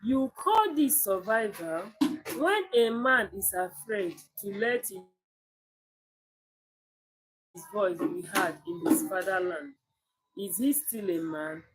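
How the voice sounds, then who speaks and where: A woman reading the part of a defiant, angry young village man in a story read aloud, speaking slowly and deliberately. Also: mid-range voice, lively intonation, poor audio. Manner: slow, deliberate reading of the lines.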